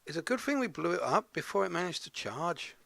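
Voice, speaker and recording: A man voicing a spaceship crewman in a put-on Scottish accent, in an excitable sci-fi skit. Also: on the high side, a little fast, vocal fry, no room sound, full character voice. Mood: explaining.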